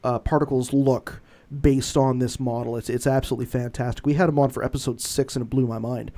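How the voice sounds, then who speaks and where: A man hosts a podcast and puts his ideas to his guest in halting speech, full of fillers and restarts. His voice is mellow and warm at a middle pitch. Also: little pitch movement. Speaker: podcast host. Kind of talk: casual podcast conversation.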